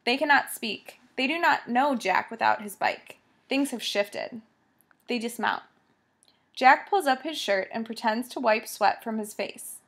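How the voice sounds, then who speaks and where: A woman reading a children's story aloud as narrator, measured and vivid. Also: on the high side, a bit bright. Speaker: audiobook narrator.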